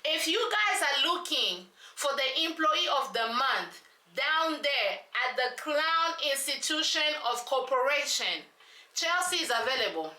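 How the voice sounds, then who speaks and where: A woman's voice: sits high, big pitch swings, a little slow, pushed and bright, recorded from a distance. A woman vlogger giving a casual, sassy recap of a reality show, dramatic and repeating lines for emphasis. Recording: echoey room, voice off-mic.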